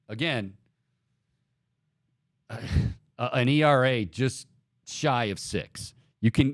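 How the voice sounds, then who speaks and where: Lively male sports-talk host, reels off stats, dry booth sound. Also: medium pitch, no room sound. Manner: animated, laughing, rattles off stats. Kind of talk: casual sports talk show.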